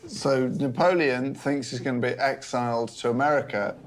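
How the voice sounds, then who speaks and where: A drunk man telling a history story in a rambling, deadpan way. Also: mid-range voice, moderate pace, noisy background. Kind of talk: drunken comic retelling of history.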